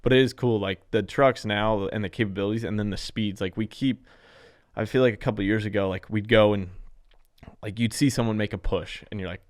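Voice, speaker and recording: A man who races off-road trucks, talking as a podcast guest in a rambling, animated way with many "like"s. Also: on the low side, fairly quick, no room sound, clean studio sound. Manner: rambling, animated, heavy use of "like". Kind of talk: casual podcast conversation.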